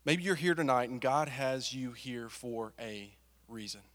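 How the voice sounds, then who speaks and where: A man's voice: medium pitch, measured pace, a bit bright. A young man preaching a sermon as a pastor, conversational and full of rhetorical questions. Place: church hall. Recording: long reverb of a hall.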